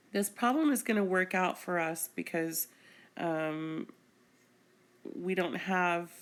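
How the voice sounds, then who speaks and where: A woman's voice: low-pitched, a bit bright. A woman chemistry teacher explaining a screencast lesson patiently, step by step.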